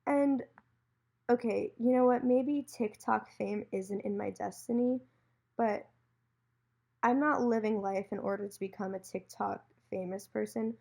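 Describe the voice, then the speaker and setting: Husky, gravelly-voiced young woman telling a story. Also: medium pitch, measured pace. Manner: animated storyteller, acts out quoted lines. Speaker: podcast host. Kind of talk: solo storytelling podcast.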